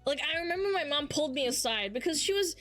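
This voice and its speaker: A young woman chats on her stream in a high, bright voice, swearing casually as she tells stories. Her telling is lively and animated, and faint music plays softly underneath. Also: quick pace. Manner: profane, animated storytelling. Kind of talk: casual chat reading chat.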